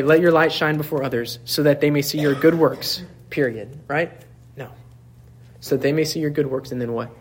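A young male pastor delivers a sermon with earnest, emphatic conviction, his slightly higher-pitched voice rising as he presses a point. He stumbles into restarts and self-deprecating asides, then calls out directly to his congregation. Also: a little hiss or hum. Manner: earnest, emphatic preaching, often addressing the congregation as "church".

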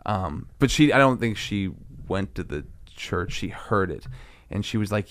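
A man in his thirties co-hosting a podcast, talking casually and retelling a story in a rambling, animated way. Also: on the low side, measured pace. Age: 30s. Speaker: podcast co-host. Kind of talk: casual faith podcast chat.

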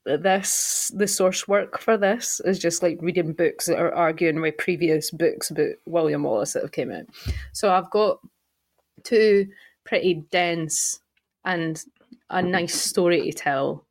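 Chatty woman with a low voice. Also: measured pace. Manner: laughs often, chatty and wry. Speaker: podcast host, history presenter. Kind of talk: casual chat.

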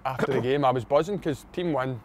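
A young Scottish man spinning a blunt, swear-heavy story about the dressing room. His voice sits at an ordinary middle pitch. A faint hum of traffic runs behind him. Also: a little fast. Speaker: footballer. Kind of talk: casual chat.

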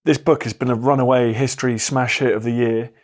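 A man's voice: mid-range voice, steady tone, a little fast. Man asking probing interview questions.

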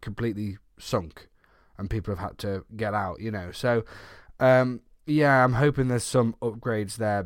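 A man talking as a podcast guest in a flat, monotone way. His voice sits mid-range and sounds dry and close, with no room around it. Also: mid-range voice, no room sound. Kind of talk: casual chat.

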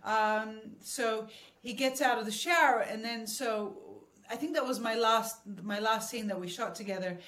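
A woman's voice: fairly high pitch, normal speed, fairly bright tone. A woman telling stories as a guest actress, chatty and laughing often. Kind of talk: casual storytelling interview. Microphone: remote call mic. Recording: roomy echo from a distance.

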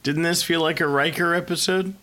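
Sick man with a scratchy, bright voice. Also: a little high, fairly even intonation. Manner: slow, laid-back, swears casually. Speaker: podcast co-host. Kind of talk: casual chat.

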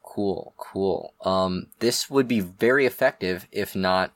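A woman's voice: rumbling low, slow, no echo. A woman acting as game master of a tabletop game, narrating in a brief, matter-of-fact way.

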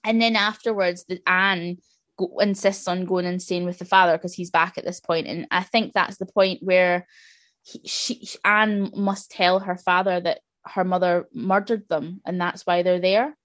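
A woman's voice: fairly low pitch, measured pace, no echo. Podcast lady rambling through a film plot, acts out the lines, dead dry mic. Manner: rambling, animated retelling with acted-out quotes. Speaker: podcast co-host. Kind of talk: casual chat.

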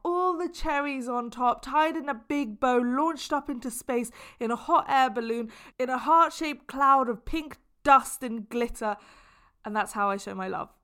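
A woman hosting her own solo podcast, talking in a gushing, effusive way and telling stories with big animated reactions. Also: mid-range voice. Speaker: podcast host.

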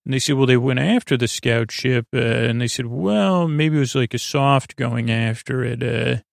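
A man's voice: mid-range voice, vocal fry, no room sound, studio quality. A man hosting a podcast, casually recapping a TV episode in a rambling way with lots of fillers and restarts.

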